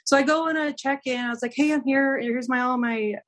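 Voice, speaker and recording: A woman's voice: high-pitched, brisk. A young adult woman, a podcast guest, casually telling a story and acting out the dialogue, with lots of "like". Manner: animated, acts out dialogue with filler "like".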